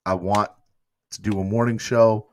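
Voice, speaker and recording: A man's voice: lowish voice, fairly even intonation, normal speed, a little mellow. Emotional man hosting a live fan show. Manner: emotional, rambling, reads viewer comments aloud. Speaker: host of a fan morning show. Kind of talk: casual live-stream chat.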